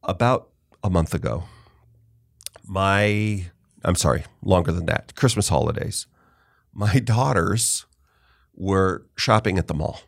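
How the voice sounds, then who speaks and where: A man's voice: deep voice, slow, gravelly, long pauses. A middle-aged man hosting a podcast interview, telling a long story in casual chat and often stopping himself mid-sentence to correct or restart. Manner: rambling storyteller, self-interrupting. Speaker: podcast host.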